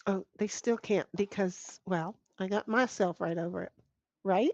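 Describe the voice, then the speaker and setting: A woman's voice: mid-range voice, unhurried, no echo, lo-fi sound. A middle-aged woman hosting a casual livestream from home, reading chat aloud and rambling in a frank, salty way with many restarts. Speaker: streamer host. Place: at home with her dogs. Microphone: computer mic at a desk.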